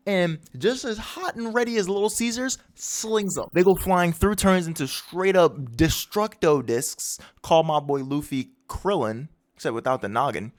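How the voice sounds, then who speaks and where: A man casually recapping a manga chapter with excited slang and his own sound effects. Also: fairly high pitch, normal speed, few pauses. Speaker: manga breakdown host.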